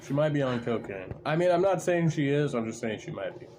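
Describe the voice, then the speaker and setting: A man hosts a stream and comments on it in a mocking, sarcastic tone, drifting through filler words. His voice sits at a middling pitch. A clear hum of noise runs under the recording. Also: lively intonation, brisk. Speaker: stream host. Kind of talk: casual commentary over a livestream.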